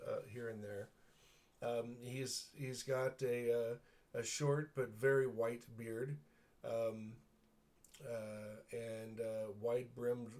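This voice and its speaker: A man with a medium-pitched, slightly mellow voice narrates a tabletop game as game master. He describes scenes with lots of pauses and filler words.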